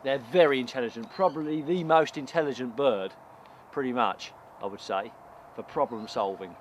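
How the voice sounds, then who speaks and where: Out among the bird enclosures, a man who keeps birds talks casually at normal speed in a medium-pitched voice, gently coaxing and showing affection to the birds he handles. The outdoor recording carries a lot of noise.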